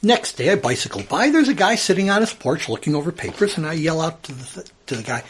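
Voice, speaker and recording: Animated older storyteller in his sixties, slightly husky tone, acts out the voices. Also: a little high, quick pace, few pauses. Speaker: interviewee telling a personal story. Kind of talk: casual storytelling. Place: old house at home.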